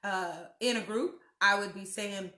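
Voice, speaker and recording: A woman talks slowly and warmly to her viewers, stretching out her words and greeting each one by name. Her voice is bright and clear. The sound rings a little, as if the room at home has bare walls. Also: mid-range voice, echoey room. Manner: chatty, greets viewers by name, slow and drawn out. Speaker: host of a weekly live video chat. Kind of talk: casual live-stream chat.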